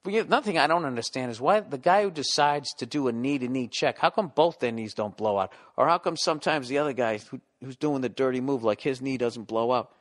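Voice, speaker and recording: A man's voice: mid-range voice, fairly quick, few pauses. A middle-aged man ranting casually and profanely as a podcast host, sounding exasperated.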